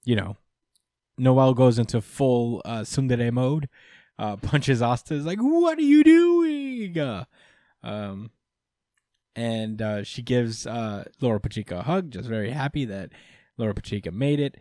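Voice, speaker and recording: A man's voice: medium pitch, unhurried, dark tone, no room sound, studio quality. A man hosting a casual podcast, recapping with lots of fillers and acted-out quotes. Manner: rambling recap, many fillers, acts out quotes. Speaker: podcast host.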